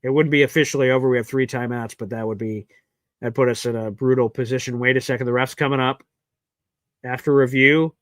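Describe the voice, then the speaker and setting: A man hosting a live sports watch party, giving emotional play-by-play that swings from nervous muttering to loud cheering. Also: mid-range voice, fairly even intonation, fast talker, dry recording.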